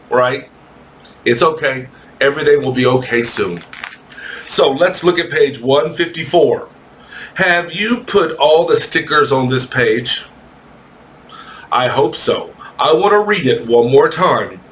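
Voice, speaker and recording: Man, English teacher, slow and deliberate, jokey with kids; faint noise behind. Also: mid-range voice, lively intonation, a bit bright. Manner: joking, playful asides; spells and repeats words slowly. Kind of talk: classroom lesson reading aloud.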